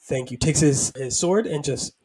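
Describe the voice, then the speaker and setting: Husky higher-voiced dude on a podcast, excitable, swears a lot, laughs loads. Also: male voice, normal speed. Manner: excitable, profane, laughs often. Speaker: podcast co-host. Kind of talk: casual film review chat.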